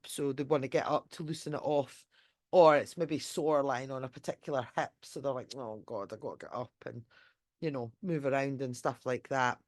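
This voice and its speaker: A woman's voice: deep voice, dry recording, studio quality. A woman giving a casual live online talk as a dog trainer. She rambles in a chatty way with many fillers and restarts, swears casually, and sometimes acts out what a dog might be thinking. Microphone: computer mic during a screen-shared session.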